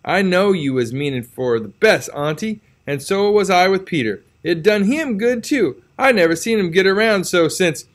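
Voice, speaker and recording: A man's voice: high voice, lively intonation, normal speed, hardly any pauses, pitched above the performer's own voice. A man voicing a mischievous young boy making sly excuses in country dialect, in a storybook reading.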